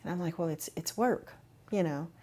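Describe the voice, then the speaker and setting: A woman telling her own story in a measured, reflective way with frequent fillers. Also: lowish voice, warm tone. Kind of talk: personal testimony.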